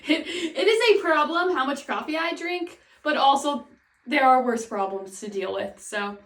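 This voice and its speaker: Woman vlogger, anxious self-talk, rambling delivery, bright-ish pitch, roomy echo. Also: moderate pace. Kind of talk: casual vlog talk. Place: at home. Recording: echoey room, voice from a distance.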